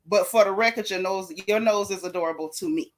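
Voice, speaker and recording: A woman's voice: medium pitch, fairly quick. A woman hosting a live stream, chatting candidly with viewers and reading their comments aloud. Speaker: live-stream host recapping a reality show. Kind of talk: casual live-stream chat.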